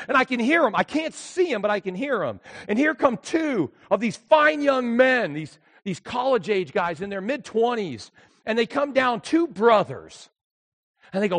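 An older man preaching a sermon from the pulpit. His voice sits fairly high for a man. He tells the story expressively, dropping low and quiet and then rising almost to a shout. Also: sing-song, moderate pace. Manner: storytelling, swings from hushed to shouting. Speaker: pastor.

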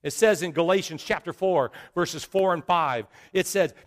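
A man's voice: sits high, normal speed. A middle-aged man preaching a sermon as pastor, emphatic and repetitive. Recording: long reverb of a large hall.

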